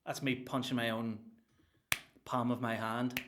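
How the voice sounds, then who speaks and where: A man's voice: medium pitch, little pitch movement, a little slow, noisy background. A man hosting a solo comedy podcast at home, rambling and joking with lots of swearing. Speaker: podcast host. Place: home room with green screen.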